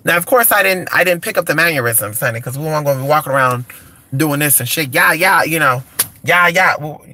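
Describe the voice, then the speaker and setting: Animated and fairly quick, a Californian man with a bright, forceful, slightly high voice chats casually on a live stream through a phone or computer mic. He's sassy and flamboyant, addressing listeners as honey and repeatedly urging the chat on with "come on."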